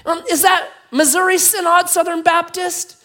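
Comic high-pitched eager rescuer, played by a man: nervous, hesitant, squeaky. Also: level tone, normal speed, pushed and bright.

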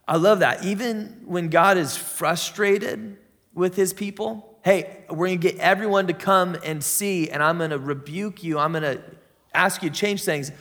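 A man preaching a sermon, reading scripture aloud and explaining it in an animated way. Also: sits high, normal speed. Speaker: pastor. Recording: long hall reverb.

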